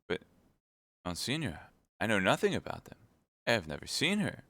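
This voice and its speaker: A man's voice: lowish voice, wildly swooping pitch, normal speed, pushed and bright, dry recording, pitched above the performer's own voice, full character voice. A man doing a meek nervous mercer. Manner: meek and eager to please, turning frantic. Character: timid fawning male mercer, nervous.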